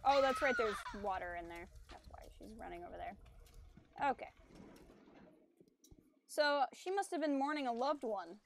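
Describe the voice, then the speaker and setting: A fairly high-voiced woman chatting her way through a game stream. She explains mechanics and heckles the enemies. A faint hiss sits under her voice. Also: expressive, a little slow, long pauses. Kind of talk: casual gameplay commentary.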